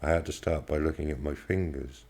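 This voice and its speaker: A man's voice: extremely low pitch, steady tone, a little fast, darkish tone. A man reading aloud, voicing a fit middle-aged man who talks eagerly about old forests. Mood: earnest.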